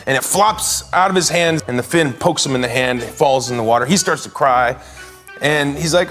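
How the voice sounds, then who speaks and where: A man's voice: medium pitch, a little fast. A father telling a funny story about his son as a talk show guest, acting out the voices as he goes. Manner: animated storyteller, acts out voices. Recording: music loud under the voice.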